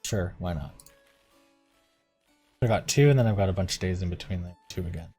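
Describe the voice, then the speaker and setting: Over soft background music, a man streams a visual novel as a let's-play, reading its text aloud and casually musing about his choices between passages. His voice is low, warm, creaky and slightly rough, and he talks fairly quickly.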